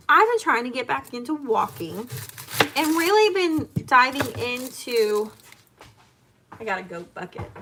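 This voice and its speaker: A woman's voice: fairly high pitch, noisy background. A woman in her home kitchen chatting casually and rambling as she chops and cooks. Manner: chatty and rambling, talking while chopping and cooking. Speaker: homemaker vlogger. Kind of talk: casual chat while cooking.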